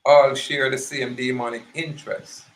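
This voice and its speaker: A man's voice: mid-range voice, fairly even intonation, moderate pace, slight background noise, rough recording. A man with a Jamaican accent giving an impassioned, preachy monologue, emphatic and repetitive. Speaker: activist speaker.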